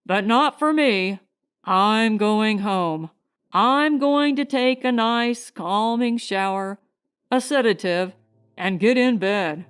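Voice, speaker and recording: A woman reading the lines of a shaken, exhausted husband who mutters in a hoarse, weary voice. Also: high-pitched, slow, fairly bright tone, no room sound, clean studio sound.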